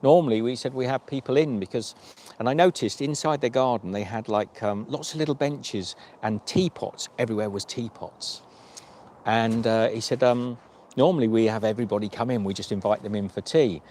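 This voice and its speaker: A man's voice: medium pitch, a little fast, darkish tone, a little hiss or hum. A man, a hiking vlogger chatting on a livestream and telling stories with quoted dialogue. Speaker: vlogger and long-distance hiker. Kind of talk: livestream storytelling chat.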